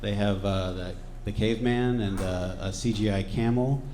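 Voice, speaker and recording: A man from Georgia doing a stand-up set, wry and deadpan, with throwaway asides. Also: on the low side, normal speed, slight background noise. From Georgia, USA. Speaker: stand-up comedian. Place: comedy club stage. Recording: echoey club with loud crowd laughter. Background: audience laughing.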